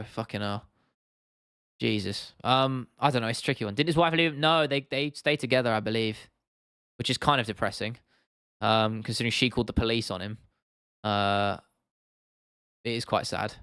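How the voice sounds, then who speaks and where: Hosting an MMA livestream, a man casually answers viewer comments, rambling, swearing freely, and leaning on fillers and restarts. His voice is medium-pitched, fairly bright and clean, at a moderate pace with frequent pauses. The recording is studio quality with no room sound.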